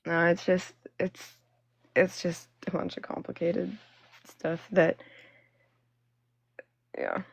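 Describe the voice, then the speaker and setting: A woman's voice: on the low side, flat delivery, takes it slowly, creaky, long pauses, husky. A young woman hosting a phone livestream, chatting and ranting casually, full of fillers and laughing between phrases. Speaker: livestream host. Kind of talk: casual live-stream chat and rant.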